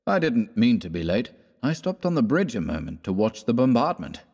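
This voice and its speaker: A man voicing a grave young male artist who speaks in a dry, measured way. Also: mid-range voice, big pitch swings, a little mellow, long reverb tail.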